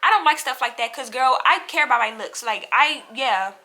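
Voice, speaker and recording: A young woman telling a storytime vlog to her viewers in an animated, chatty way, acting out what other people said. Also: high voice, normal speed. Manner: acts out other people's lines in quotes. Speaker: vlogger.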